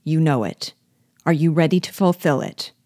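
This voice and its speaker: A woman's voice: deep voice, lively intonation, normal speed, darkish tone, dry recording, clean studio sound. A woman voicing a scheming, sardonic male rebel chief with a sly, falsely frank manner in an audiobook reading.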